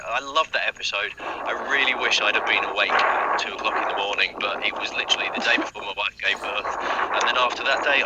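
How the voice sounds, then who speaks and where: Deep-voiced british guy w a cold, chatty, noisy outdoor recording. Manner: chatty, swears playfully. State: has a cold. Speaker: listener sending a video question. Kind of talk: casual video message. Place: outdoors at night, walking a dog.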